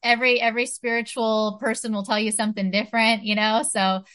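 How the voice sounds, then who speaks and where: A woman's voice: a little high, level tone, a little fast, a bit bright. A woman talking earnestly in a casual spiritual chat, full of "you know" and "like".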